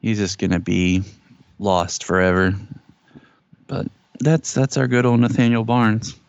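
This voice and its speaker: Here the co-host's voice is fairly low, gravelly, and smooth, with little pitch movement and an unhurried pace. He jokes casually while reviewing TV and raises his voice to act out quotes, captured in dull, dry lo-fi audio without echo.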